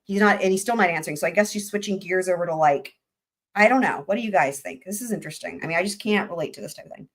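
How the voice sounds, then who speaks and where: A woman hosting a livestream, giving casual trial commentary in a very expressive, chatty way and laughing often. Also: fairly low pitch, fast talker. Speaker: livestream host.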